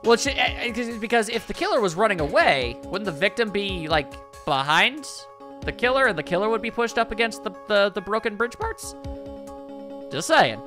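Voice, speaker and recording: A man tosses off joking, self-deprecating asides as he plays through a game. Clear game music runs behind him. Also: high voice, animated, moderate pace. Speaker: let's play host. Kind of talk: playthrough commentary.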